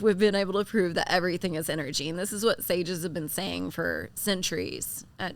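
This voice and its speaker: A woman co-hosting a casual podcast, speaking hesitantly with many fillers and soft laughs. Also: on the low side, brisk, few pauses, no room sound. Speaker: podcast co-host.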